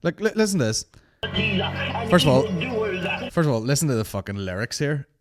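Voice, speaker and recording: A man hosting a comedy podcast, ranting in a sweary, animated, mocking way. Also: mid-range voice, brisk, over music. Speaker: podcast host.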